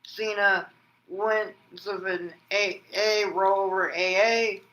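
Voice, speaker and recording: A wrestling vlog host narrates an imagined match play-by-play in a high, flat voice at a slow pace, recorded with poor audio. He rambles, keeps restarting sentences with "and then," and erupts into loud shouted pin counts and move calls during his excited fantasy booking.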